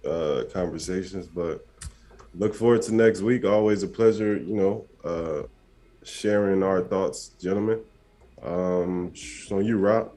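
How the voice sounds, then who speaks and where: A man co-hosting a podcast, giving a relaxed, slightly hesitant sign-off. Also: deep voice. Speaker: podcast co-host. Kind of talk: casual sign-off.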